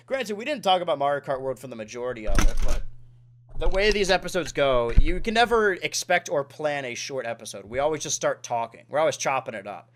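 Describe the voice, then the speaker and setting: A man's voice: on the high side, big pitch swings, brisk, a bit bright. A man in his twenties hosting a casual podcast, rambling and correcting himself, with lots of "like". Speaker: podcast host.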